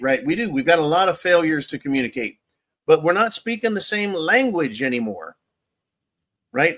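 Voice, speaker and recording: Rambling sarcastic man, slightly high voice. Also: expressive, normal speed, fairly bright tone. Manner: rambling and sarcastic, with chuckles and mocking asides. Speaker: livestream show host reading viewer chat. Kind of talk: casual political commentary livestream.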